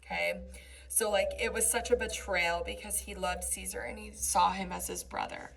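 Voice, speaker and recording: A woman's voice: medium pitch, fairly even intonation, moderate pace, creaky, a bit bright, breathy edge, rough recording. A woman teaching a class, reading lines of verse and explaining them in casual asides full of "right?" and "um". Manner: reads verse aloud between plain explanations. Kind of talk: classroom lecture on a play.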